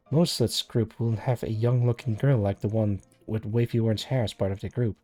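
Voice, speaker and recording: Mellow-voiced man reading a novel aloud. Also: on the low side. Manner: first-person narration, casual self-corrections. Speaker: live-stream story reader. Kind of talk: reading a web novel aloud with chatty asides.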